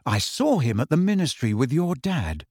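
Man doing tense teenage wizard boy, quiet, close to his own voice, storybook reading. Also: medium pitch, sing-song, moderate pace, breathy edge, dry recording. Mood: slow.

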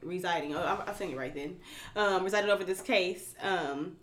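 A woman's voice: lowish voice, moderate pace, a bit bright, a little hiss or hum. A woman co-hosting a casual chat podcast, telling a story with many fillers and bursts of laughter. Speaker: podcast co-host.

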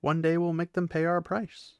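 A man voicing a stern woman healer who soothes others in a hushed way. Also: fairly high pitch, flat delivery, moderate pace, smooth, dry recording, studio quality, voice pushed up, lightly acted. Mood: soothing. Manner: soothing, hushing.

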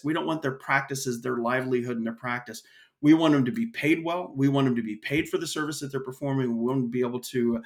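A man speaking as a guest on an interview podcast, earnest and storytelling, often restarting his sentences. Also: mid-range voice. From United States. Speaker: guest, association executive.

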